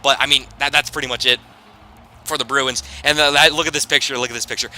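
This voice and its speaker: A young man giving casual commentary on a hockey video game, excitable and self-deprecating, rambling and restarting his sentences. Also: medium pitch, fast, soft background music. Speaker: gaming YouTuber.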